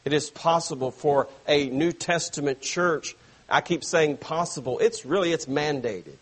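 A male pastor delivers an evening sermon at an unhurried, deliberate pace. His voice is a little husky and sits somewhat high for a man. He presses hard on key words, then lets whole phrases sink soft. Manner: emphatic preaching with slow stressed phrases and sudden soft drops. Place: church.

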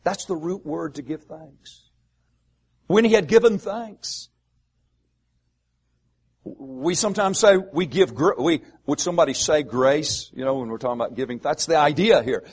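Man, pastor, sermon, rhetorical questions, emphatic pauses, husky voice. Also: a little high.

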